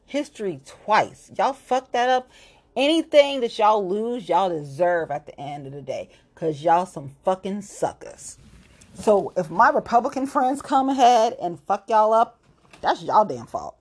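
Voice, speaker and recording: A woman's voice: mid-range voice, expressive, measured pace, darkish tone. A woman from Ohio, a local political activist, delivering a blunt, profane, confrontational rant to the camera. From Ohio, USA.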